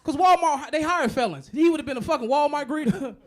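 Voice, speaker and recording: A man doing a stand-up comedy set, profane and animated, acting out the voices of other people. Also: very high-pitched, fairly quick.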